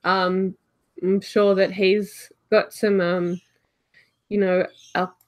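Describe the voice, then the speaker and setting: A slow-talking woman at a tabletop game who laughs often and hesitates. She trails off with ums and restarts her thoughts. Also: mid-range voice, level tone. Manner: giggly, hesitant, many fillers. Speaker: player. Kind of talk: casual tabletop play.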